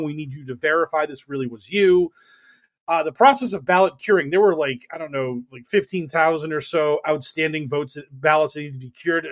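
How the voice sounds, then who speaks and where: High-pitched man, sarcastic political podcast chat, mocking, animated. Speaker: podcast co-host.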